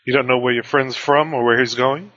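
A man's voice: medium pitch, fairly even intonation, brisk, bright, forceful tone, highs cut off, lightly acted. A man voicing a curious male stranger in a tabletop game, asking polite questions.

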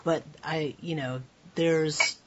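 A man narrating as game master for a tabletop game, quick and chatty. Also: fairly high pitch, fairly even intonation. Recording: dull lo-fi recording with faint hiss.

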